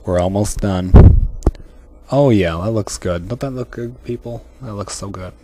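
A man directing a comic video, flustered and fussy, swinging from coaxing to shouting. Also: lowish voice, unhurried, very noisy. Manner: fussy, calls people sweetie. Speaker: machinima director.

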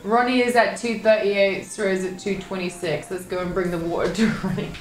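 A woman's voice: mid-range voice, steady tone, brisk, roomy sound. A young woman streaming live, reading her chat aloud with swearing and lots of laughter. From United Kingdom.

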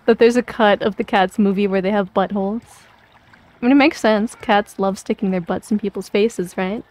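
A woman's voice: mid-range voice, steady tone, moderate pace, darkish tone. A woman streamer chatting casually while she plays a game, playful and rambling, often giggling.

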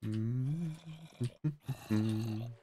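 A man's voice: mid-range voice, very slow, dark tone, slight background noise. A man commenting casually on his game as a let's play host, sleepy and just woken up, musing aloud with plenty of fillers.

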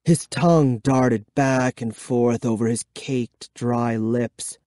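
A man reading a children's horror book aloud, giving expressive, measured first-person storytelling. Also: medium pitch, dry recording, studio quality. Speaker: audiobook reader. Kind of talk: dramatic audiobook narration.

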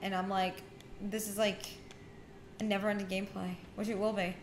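A woman's voice: medium pitch, fairly quick. Chatty young woman gaming in an echoey room. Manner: chatty, excitable, swears in surprise. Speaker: gameplay co-host. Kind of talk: casual let's play chat. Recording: echoey room with clear background noise.

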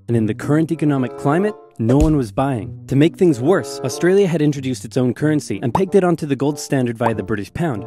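A man giving wry, comic scripted history narration, with deadpan asides. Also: mid-range voice.

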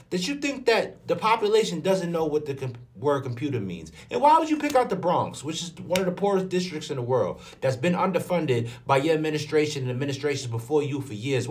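A man from New York giving an indignant, animated commentary rant. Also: on the high side. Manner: indignant, rhetorical questions, animated. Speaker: commentary vlogger. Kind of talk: ranting commentary. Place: in front of a green screen.

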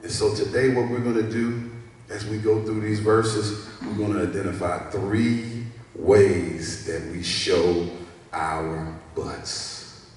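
Slow, low-voiced preacher in an echoey hall. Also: male voice, flat delivery, darkish tone. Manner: preaching with call-and-response, repeats key phrases. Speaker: pastor. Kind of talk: sermon. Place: church sanctuary. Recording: echoey church hall, mic at a distance.

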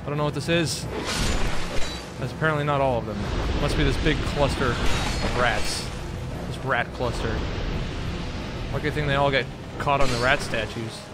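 A young man doing let's play commentary, excitable and sarcastic, trash-talking enemies and swearing. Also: mid-range voice, moderate pace, long pauses, loud music behind the voice. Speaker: gaming video host. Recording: noisy background.

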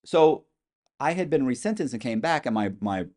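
A middle-aged man telling animated stories as a podcast guest, acting out quoted voices with some swearing. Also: mid-range voice, moderate pace. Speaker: interview guest. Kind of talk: storytelling in a podcast interview.

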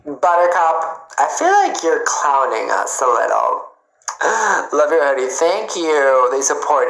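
A man's voice: on the high side, lively intonation, normal speed, a bit bright. A man livestreaming from home on his phone, chatting casually and greeting viewers by name in a playful, chatty way. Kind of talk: casual livestream chat reading comments. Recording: roomy echo.

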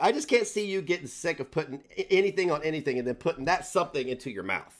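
A man's voice: a little high, big pitch swings, quick pace. A man hosting a casual livestream, ranting and mocking others with a sarcastic, insulting manner. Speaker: streamer host.

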